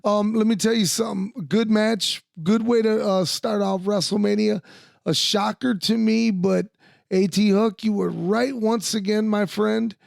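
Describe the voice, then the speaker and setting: A man with a high, gravelly voice trades wrestling opinions in an animated, salty way, laughing often. The sound is dry and close, with no room around it. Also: a little slow, no room sound. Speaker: podcast co-host, former wrestler. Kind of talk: casual sports chat.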